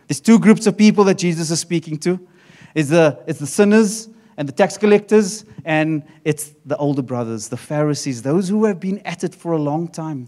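Animated middle-aged male preacher, fairly high voice. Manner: animated, repeats and restarts phrases. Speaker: pastor. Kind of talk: sermon.

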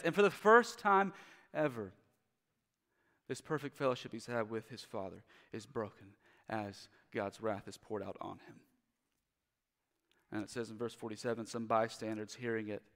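Man preaching in an echoing hall. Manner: swings from loud urgent emphasis to quiet, low passages. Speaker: pastor. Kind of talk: sermon.

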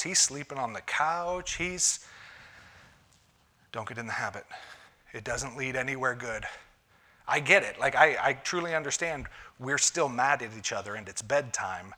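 A man preaching a conversational sermon as a pastor, moving between punchy lines and hushed asides. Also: mid-range voice. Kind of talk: sermon on marriage.

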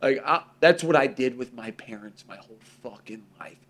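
A man's voice: medium pitch, moderate pace. A man in casual podcast conversation, swearing freely and acting out other people's voices as he talks. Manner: profane, animated, acts out quoted voices. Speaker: podcast co-host.

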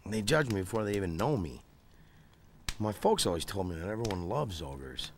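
An actor playing an insecure, earnest young male ogre in an animated film, sounding distant as a film clip. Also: low voice, moderate pace, slight background noise.

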